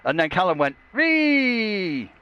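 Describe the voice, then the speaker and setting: Bloke joking around while calling races, kinda muffled audio. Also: male voice, mid-range voice, a little fast. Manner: jokey, crude, laughs often. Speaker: livestream race commentator. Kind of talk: casual banter commentary.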